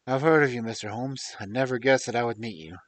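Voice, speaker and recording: A man reading aloud and voicing a bold, genial older gentleman with a mellow voice and a half-American, half-English accent, speaking loudly and confidently. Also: medium pitch, fast talker, natural voice. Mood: hearty. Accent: mixed American and English. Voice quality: mellow, pleasing. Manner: loud, hearty, confident.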